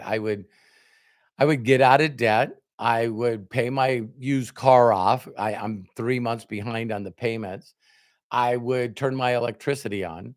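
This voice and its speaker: Middle-aged guy motivational speaker, storytelling, plays both sides of the convo, mid-pitched voice. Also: moderate pace. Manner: animated storyteller, acts out both sides of dialogue. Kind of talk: storytelling talk to an audience.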